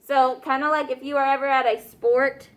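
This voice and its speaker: In a classroom, a woman teacher runs a grammar review in a high, flat voice at a moderate pace. She's patient, checking understanding often with "okay?" and "right?"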